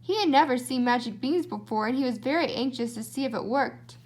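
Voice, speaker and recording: Woman storybook reader, high voice, expressive. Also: a little fast. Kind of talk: reading a children's book aloud.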